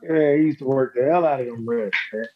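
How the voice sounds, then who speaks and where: Husky-voiced man telling hoop stories. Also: mid-range voice, fairly quick, narrow, tinny audio. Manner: laid-back, slangy, laughing storyteller. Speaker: guest, former pro basketball player. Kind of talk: casual storytelling chat.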